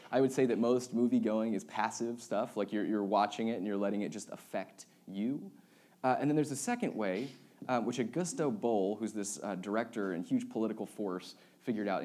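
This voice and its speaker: A young adult man preaching a relaxed, conversational sermon as pastor, telling stories and joking with his congregation. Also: fairly low pitch. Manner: casual, storytelling, joking with the congregation.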